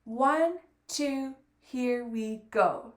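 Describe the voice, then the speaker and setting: Slow, lively high-voiced woman fiddle teacher. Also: roomy sound. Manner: patient, counts beats aloud and praises often. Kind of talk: encouraging music lesson.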